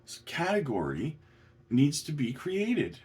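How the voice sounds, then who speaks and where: A man giving casual commentary on news and documents, indignant and halting, with many restarts, jumping up in pitch when incredulous. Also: huge pitch swings, darkish tone. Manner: indignant, rising to incredulous peaks. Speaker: crypto commentator.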